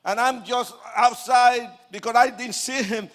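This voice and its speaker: Speaking in a very high-pitched, unhurried voice, a male evangelist delivers his personal testimony to a crowd. He moves with animation from quiet asides to sudden loud bursts.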